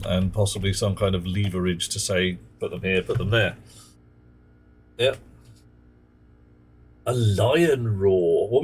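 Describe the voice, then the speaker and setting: A man's voice: low voice, slight background noise. A man streaming a game live, chatting casually and muttering at in-game objects.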